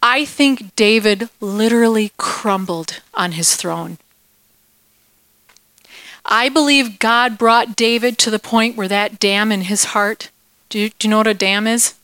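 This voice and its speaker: Animated woman teaching children a Bible lesson. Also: medium pitch, measured pace, no echo. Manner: animated, playful, questions the kids.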